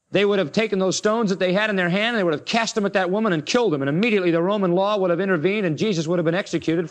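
A male preacher with a high-pitched voice delivers a sermon. He retells the story dramatically, lifting his voice to act out the opponents. For the weightiest lines he sinks low and quiet. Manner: dramatic retelling, acts out the Pharisees in a raised voice.

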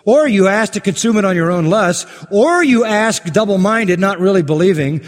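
Man, pastor, sermon, emphatic, rhetorical questions, long hall reverb. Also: fairly high pitch. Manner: emphatic, rising to forceful peaks, rhetorical questions.

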